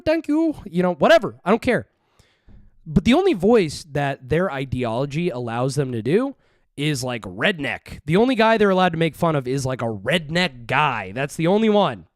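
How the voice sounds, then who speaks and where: Brief: male streamer, fairly high and very animated, profane rambling commentary, dry close mic. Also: dry recording. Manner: rambling, profane, jumps between topics. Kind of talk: casual livestream commentary.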